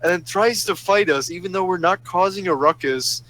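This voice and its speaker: Man, fairly high voice, casual rant, sarcastic and profane. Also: moderate pace, fairly bright tone, poor audio. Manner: profane, sarcastic ranting that flares up angry. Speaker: storyteller ranting about a roleplay server. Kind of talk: casual ranting monologue.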